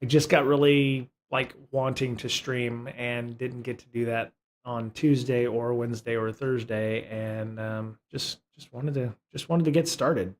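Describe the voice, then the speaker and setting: Man chatting casually on a live stream. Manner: rambling, many fillers and restarts; high-pitched baby talk to his cat. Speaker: streamer and host.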